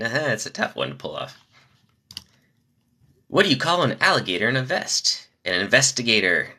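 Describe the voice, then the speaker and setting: Lowish-voiced guy, super bright tone, bouncy delivery, telling dad jokes on a phone livestream and rambling between them. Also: very animated, normal speed. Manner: chatty, rambling, laughs at own jokes.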